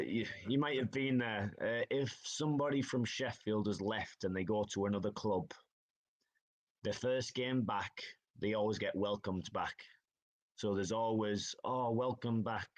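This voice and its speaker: Low-voiced man telling stories. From Northeast England. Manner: chatty storytelling, says "aye" and "like". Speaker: ice hockey player guest. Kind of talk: casual podcast interview.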